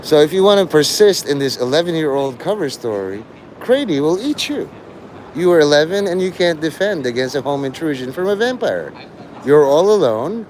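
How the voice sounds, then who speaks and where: Animated man lecturing a livestream chat. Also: on the high side, a little hiss or hum. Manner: lecturing, taunting, mock-teacherly.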